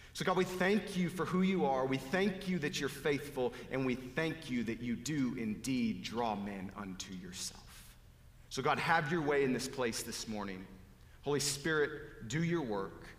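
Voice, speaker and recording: A male pastor preaching a sermon, earnest, letting his voice fall low and soft at the ends of phrases. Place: church sanctuary. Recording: echoey hall with long reverb.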